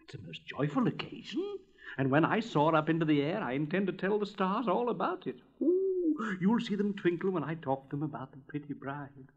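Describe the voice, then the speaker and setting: A man's voice: a little high, lively intonation, normal speed, slightly rough, dull audio. A man voicing a cheerful, flighty little fire balloon who gushes in an airy way. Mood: gushing.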